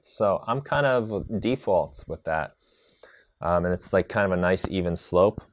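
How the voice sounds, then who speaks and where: A man teaching a live tutorial on drum sequencing, chatty and relaxed, answering viewer questions as he demonstrates. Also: sits low, unhurried, dry recording, studio quality. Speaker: music production instructor.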